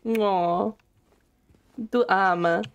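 A woman's voice: mid-range voice, steady tone, drawn-out words, lo-fi sound. A woman voicing a mock-angry German woman who teases a shy friend into a playful fight. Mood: taunting. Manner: teasing, picking a playful fight.

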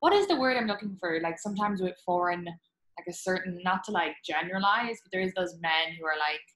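Bright-voiced woman host in an echoey room. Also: lowish voice, lively intonation, fairly quick. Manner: frank, swears freely, laughs along. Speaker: podcast host. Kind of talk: casual chat.

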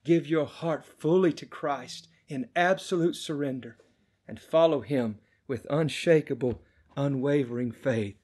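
A middle-aged man preaching a sermon, telling a testimony with passion and swinging between hushed and loud delivery. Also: mid-range voice, unhurried, husky.

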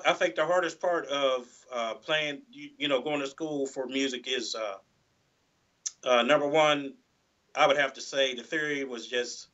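A man's voice: medium pitch, pushed and bright, lo-fi sound. A man, a guest guitarist, chatting casually in an interview, rambling and full of "you know"s and restarts.

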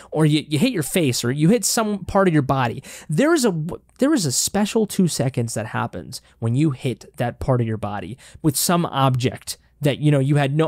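Animated young man analyzing a film. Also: on the high side, no echo, clean studio sound. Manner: animated, rambling, swears casually. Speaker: film reaction host. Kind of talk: casual film analysis vlog.

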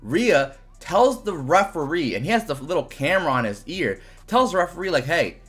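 A young man reviews a wrestling event in a casual, fired-up rant, cursing freely as he complains. His voice sits a little high. Soft music plays faintly under him. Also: normal speed, slightly rough. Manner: animated, frustrated ranting with swearing.

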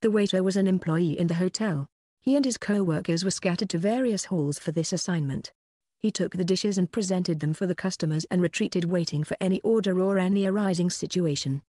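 An audiobook narrator working through a web novel in an even, unhurried reading. The voice sits mid-pitch and the recording is dry and close, with no room sound. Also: no echo.

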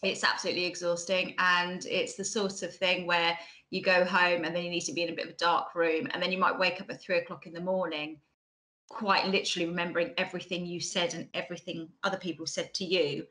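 A woman's voice: fairly low pitch, level tone, fast, pushed and bright, rough recording. Chatty woman with a Mockney accent. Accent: Bracknell, Mockney-like estuary. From England. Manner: chatty, frequent ums and restarts. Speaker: conference speaker. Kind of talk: online conference talk.

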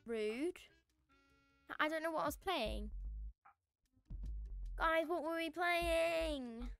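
A woman's voice: very high voice, slow, gravelly, a bit bright, faint music behind. A young woman chatting through a gaming livestream, mock-annoyed and humming to herself as she plays. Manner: chatty, mock-annoyed, sings and hums while playing. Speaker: streamer.

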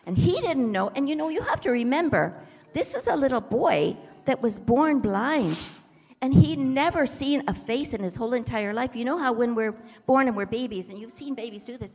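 A woman's voice: fairly high pitch, husky. A woman with a Canadian accent telling a children's story in a church service, acting out the characters' voices. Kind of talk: children's story told with props. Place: church sanctuary. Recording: church sanctuary with long reverb.

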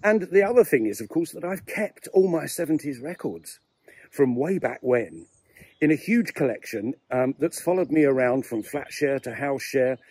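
This is a man in his sixties with an English accent, wandering outdoors as he records a rambling vlog. He is a little out of breath from the walk, and his voice has a husky grain. His manner is chatty, wry and self-deprecating, and the sound is dry and close, with little room around it. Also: mid-range voice, animated, normal speed, a little mellow, no echo. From England. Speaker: vlogger. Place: outdoor cemetery, walking.

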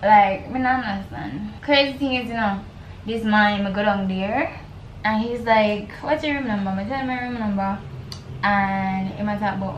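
A woman's voice: mid-range voice, moderate pace, dull audio. A young woman with a Jamaican accent, vlogging casual chat while putting together furniture, ranting animatedly with swearing and patois. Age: young adult. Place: dorm room. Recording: echoey room, faint noise.

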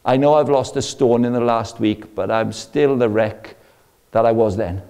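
A man's voice: medium pitch, normal speed, mellow, clean tone, pitched below the performer's own voice, natural voice. A man voicing a frail, cheerful old man who mocks himself wryly. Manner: wry, self-mocking.

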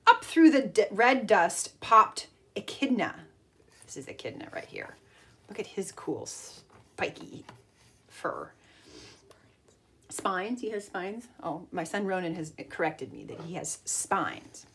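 Woman art teacher, story time to lesson, slow and animated. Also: mid-range voice, slightly rough. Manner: expressive storyteller, pointing out pictures. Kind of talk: reading a picture book aloud and teaching an art lesson.

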